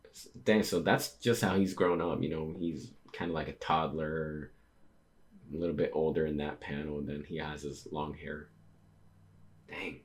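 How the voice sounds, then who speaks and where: Deep-voiced man reading manga aloud. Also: steady tone, normal speed. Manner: reads dialogue plainly, breaks off to react with surprise. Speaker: manga reader and commentator.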